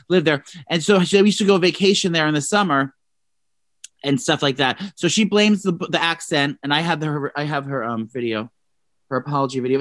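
A podcast co-host gossiping casually, animated and profane, with sudden jumps up in pitch. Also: no echo, studio quality.

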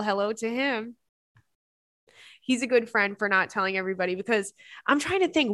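Laughing, animated woman podcast host. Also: mid-range voice, no echo, studio quality. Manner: animated, laughing, dramatic reactions. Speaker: podcast host reading listener stories. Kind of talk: casual chat.

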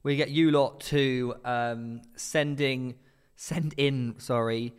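A man's voice: mid-range voice, fairly even intonation, takes it slowly, smooth, big-room sound. A man co-hosting a casual football podcast, rambling and correcting himself as he reads out listener stories. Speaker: podcast co-host.

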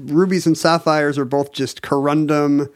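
A man co-hosting a loose, chatty podcast, with a voice a little higher than most men's. He jumps in with jokes and quick comparisons and keeps the talk light. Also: flat delivery. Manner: quick-witted, jokey, chiming in with analogies. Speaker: podcast co-host. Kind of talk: casual conversational podcast.

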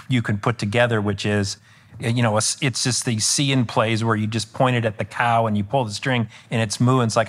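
A man appears as a political commentator guest in a conversational podcast interview, speaking at medium pitch. He rambles, restarting and correcting himself often, and gets animated when recounting exchanges.

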